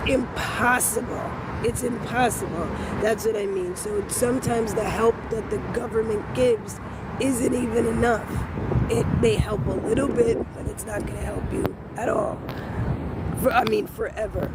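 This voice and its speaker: Hoarse woman livestreaming over loud traffic. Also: fairly high pitch, fairly even intonation, unhurried. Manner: blunt and emphatic, answers chat directly. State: hoarse, congested voice. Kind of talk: casual livestream chat with viewers.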